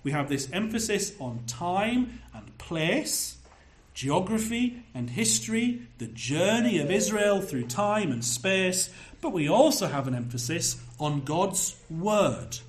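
A pastor preaching a sermon, measured and emphatic, slowing down to stress key phrases. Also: male voice, sits high, sing-song.

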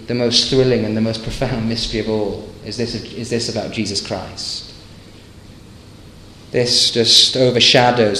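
Preacher in an echoey church. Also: male voice, medium pitch, a bit bright. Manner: emphatic, rhetorical tag questions, rising to fervent peaks. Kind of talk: sermon.

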